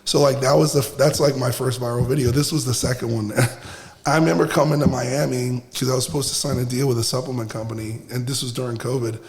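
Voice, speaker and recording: A man's voice: mid-range voice, steady tone, fast, darkish tone. A man from Brooklyn, a podcast guest telling stories emphatically, with frequent restarts and profanity. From Brooklyn, USA. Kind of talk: casual podcast conversation. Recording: roomy with long reverb.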